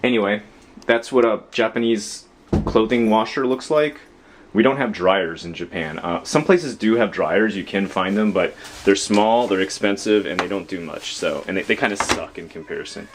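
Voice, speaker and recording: A man's voice: on the low side, normal speed, a little hiss or hum. A young man giving a casual, rambling home-tour vlog inside his house, self-deprecating and full of fillers.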